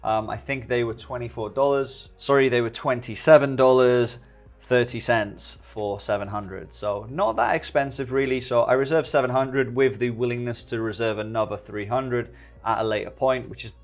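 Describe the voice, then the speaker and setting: A man's voice: medium pitch, steady tone, moderate pace, faint music behind. A man giving a casual, jokey trading tutorial, speaking directly to his viewers as he goes over a chart. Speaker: stock trading YouTuber.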